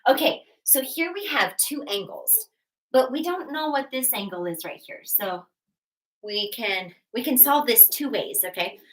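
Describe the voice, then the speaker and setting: A woman's voice: fairly high pitch, expressive, a little slow, fairly bright tone. A woman teaching a live online math lesson, bubbly and encouraging, chatting with viewers between steps. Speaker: GED math tutor. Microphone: webcam.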